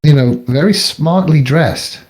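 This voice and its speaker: A man narrating as game master of a tabletop game, halting and searching for words. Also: a little high, a little mellow, low-quality recording. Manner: halting, full of ums and restarts.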